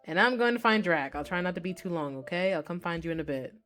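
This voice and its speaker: A woman's voice: on the low side, expressive, fast, fairly bright tone, faint music behind. Woman reading as a fond young man. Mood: tender.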